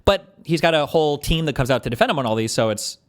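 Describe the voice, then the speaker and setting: A man talking at a quick clip on a streamed panel, pressing his points hard. He swears freely and strings fillers between his claims. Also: fairly high pitch, animated. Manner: rapid, emphatic, profane, with frequent fillers. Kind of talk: heated panel discussion.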